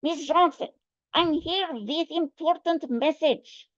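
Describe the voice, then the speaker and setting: A woman's voice: sits high, takes it slowly, no echo, pitched above the performer's own voice. A woman voicing a stern agent with a put-on Russian accent who speaks in clipped, formal phrases and drops little words. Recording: dull, dry sound.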